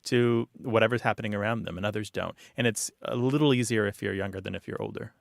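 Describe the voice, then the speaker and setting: A middle-aged man co-hosting a radio talk show about language, chatting casually and explaining things in a relaxed way. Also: on the low side, quick pace, vocal fry, no room sound, clean studio sound. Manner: playful, bursts into loud mock-dramatic voices.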